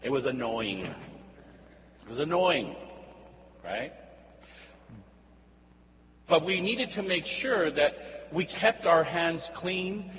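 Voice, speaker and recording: A priest with a somewhat high voice gives a conversational homily in a church and keeps checking in with a "right?". His voice trails off into long church reverb. The recording sounds muffled, with a faint hum beneath it. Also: animated, slow, long pauses, a bit bright. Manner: conversational, often asks "right?". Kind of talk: homily with personal storytelling.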